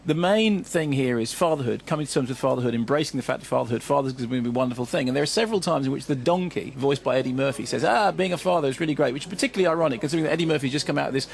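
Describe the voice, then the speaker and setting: A man reviews a film on the radio at a rapid clip, with a gravelly edge to his voice. He is wry and digressive, with many asides. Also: medium pitch. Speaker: film critic.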